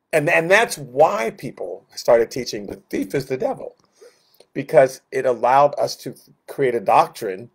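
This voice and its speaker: A medium-pitched man leads a Bible study in a loose, conversational teaching style. He's animated, often restarts his sentences and asks rhetorical questions.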